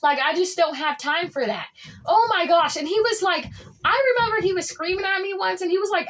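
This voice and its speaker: Very high-voiced dramatic woman vlogger. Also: brisk, fairly bright tone. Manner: dramatic, swings pitch up and down; outspoken and boastful. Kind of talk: casual storytime.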